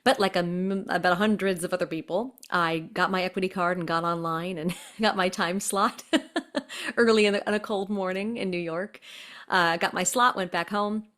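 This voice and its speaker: A lively woman guest spins a long story in a chatty, animated way and keeps breaking into little voices. Her voice sits a touch low for a woman. She comes through a video call. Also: moderate pace. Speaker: guest performer and impressionist. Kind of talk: casual interview storytelling.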